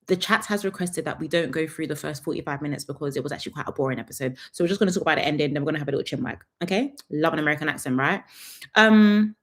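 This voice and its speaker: A woman's voice: deep voice, racing. A young woman, chatting sassily through a live reality TV review and laughing often.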